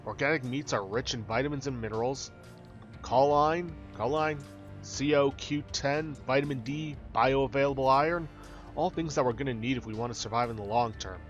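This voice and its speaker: A man's voice: mid-range voice, moderate pace, highs cut off, soft background music, close to an everyday voice. A man voicing a blunt, grim survivor who argues in a matter-of-fact way. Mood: insistent.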